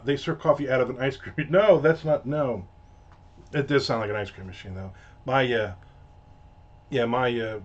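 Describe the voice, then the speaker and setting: A man hosting a casual ranting monologue, telling a story in a profane, exasperated way. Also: medium pitch. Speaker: host. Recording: dull lo-fi audio.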